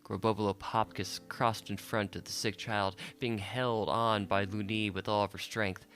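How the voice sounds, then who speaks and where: Male narrator, audiobook, unhurried, low voice, soft music behind. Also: flat delivery.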